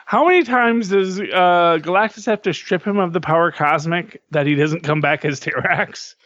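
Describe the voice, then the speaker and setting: A man's voice: sits high, moderate pace, a bit bright, dry recording, dull audio. A man co-hosting a podcast, asking wry questions in casual chat and tripping over repeated words. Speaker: podcast co-host. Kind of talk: casual comic book review chat.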